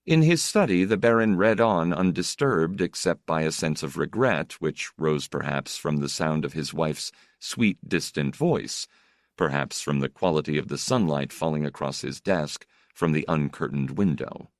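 Male storyteller, deep tone, varied melody, measured delivery. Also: expressive, no room sound, studio quality. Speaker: narrator. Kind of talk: scripted narration.

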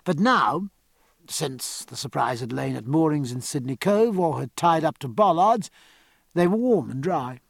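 A man reads a seafaring novel aloud with a measured, even delivery. His voice sits slightly high for a man and the studio sound is dry and close. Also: creaky, breathy edge, no echo. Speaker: audiobook narrator. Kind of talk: scripted narration.

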